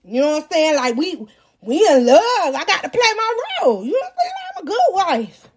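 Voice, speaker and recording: A young adult woman hosting a live podcast, telling a personal story to her audience in a slangy, animated way and often calling out to the crowd. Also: high-pitched, brisk. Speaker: podcast host.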